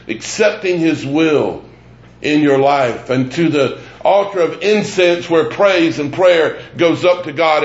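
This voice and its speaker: Emphatic preacher in an echoey church. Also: male voice, a little high, muffled recording. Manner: deliberate, emphatic preaching with repeated phrases. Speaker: pastor. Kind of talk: sermon. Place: church sanctuary.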